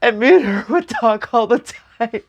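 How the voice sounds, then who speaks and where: A young woman speaking slowly and tearfully in a personal memorial vlog, with soft nervous laughs. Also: fairly high pitch, lively intonation, muffled recording. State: crying. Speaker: vlogger.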